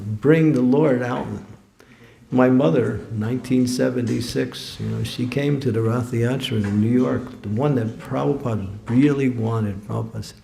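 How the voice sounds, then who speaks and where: Gravelly man telling stories in a hall. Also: medium pitch, warm tone. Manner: anecdotal, chuckles often, repeats words. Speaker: guest speaker at a temple program. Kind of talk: storytelling lecture. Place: temple hall. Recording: echoey hall recording.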